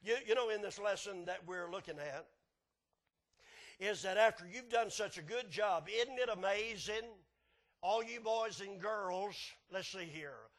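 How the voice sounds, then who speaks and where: Male preacher, high voice; folksy, chuckling, sudden hollers. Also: measured pace. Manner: folksy, chuckling, swings from soft asides to hollering. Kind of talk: sermon.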